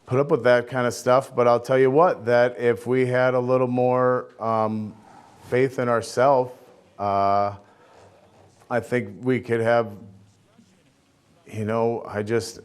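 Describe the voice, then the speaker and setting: A man answering as a candidate at a forum, blunt and halting with many pauses and restarts. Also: medium pitch, level tone, clear, resonant tone.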